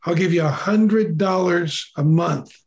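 Older male storyteller speaks in a light, high voice, talking casually and breaking into the voices of the people in his tale. His delivery is animated and conversational, the sound of a podcast chat. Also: measured pace. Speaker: podcast co-host.

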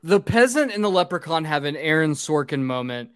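A man's voice: fairly high pitch, sing-song, brisk, clear, resonant tone, no room sound. A man hosts a boozy comedy podcast, recapping a film in a loose, rambling and profane way. His voice swings widely up and down as he gets carried away. The recording is close and dry, with no room sound. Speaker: podcast host. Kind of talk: drunk comedy podcast chat.

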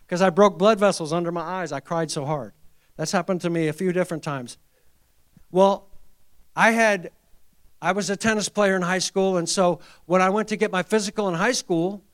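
A middle-aged man preaching in a church, his voice sitting high for a man. He tells stories in a hushed, personal tone, then rises into fervent, emphatic exhortation. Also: clean tone. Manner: storytelling, swinging from hushed to fervent. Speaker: pastor. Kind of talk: sermon.

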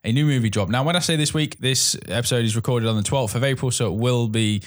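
A man's voice: medium pitch, fast. A man hosting a podcast in casual chat. He steers the talk steadily and lays out the movie plots. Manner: steady, guides the episode, reads out plot. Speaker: podcast host.

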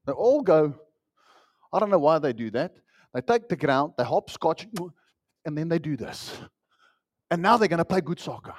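A man preaching a sermon as pastor, with an animated delivery that swings between loud emphasis and hushed asides. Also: fairly high pitch, moderate pace, pauses often.

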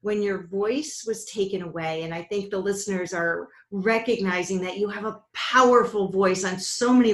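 A woman hosting a podcast interview, asking questions in an admiring way. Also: mid-range voice. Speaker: podcast host. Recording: roomy echo.

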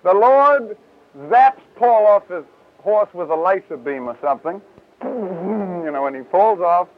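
A man teaching from the Bible in a casual, lively way, acting out the voices in the passages. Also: sits high, a little slow, a little hiss or hum. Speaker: preacher. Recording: tinny, lo-fi 1970s tape.

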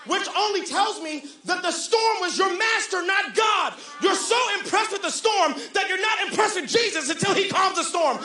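A young man preaching a sermon, shouting and half-singing at his peaks, then dropping into quick, quiet joking asides. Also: very high voice, roomy sound. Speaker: pastor.

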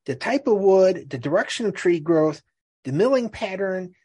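A husky-voiced man from the Midwest who co-hosts a podcast. His pitch moves a lot as he chats and reads aloud, and he often stumbles over and repeats words. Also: animated, normal speed, darkish tone. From American Midwest. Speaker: podcast co-host. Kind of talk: casual chat and reading aloud.

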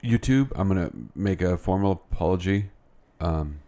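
A man's voice: low voice, lively intonation, normal speed, warm tone. A man co-hosting a morning show, bantering in an easygoing, joking way. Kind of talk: casual chat.

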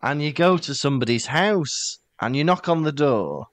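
A man's voice: fairly high pitch, normal speed, no room sound. A Welsh man co-hosting a podcast, chatting casually and telling jokey stories. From Wales. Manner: joking, animated storytelling. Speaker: podcast co-host. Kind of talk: casual chat.

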